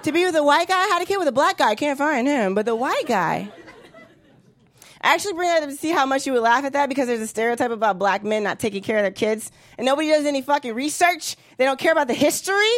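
High-pitched woman in her 30s doing stand-up, blunt and swears a lot. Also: animated, fast talker. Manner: blunt, profane, punchy delivery. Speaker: stand-up comedian. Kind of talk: stand-up comedy set.

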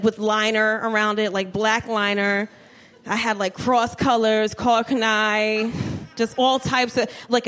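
A woman from New Jersey performing a stand-up comedy set, telling brash, profane, animated stories on a club stage mic. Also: a little high. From New Jersey, USA.

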